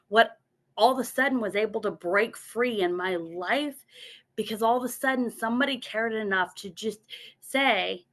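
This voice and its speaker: A woman's voice: mid-range voice, sharp tone. A woman giving a motivational talk from her notes, earnest, repeating words as she goes and acting out her own inner voice.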